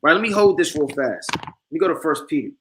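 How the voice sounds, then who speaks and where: Male street preacher, high bright voice, emphatic and repetitive. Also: animated, a little hiss or hum. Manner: emphatic, repeats "man" and "you understand"; reads scripture slowly and forcefully. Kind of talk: street-style sermon.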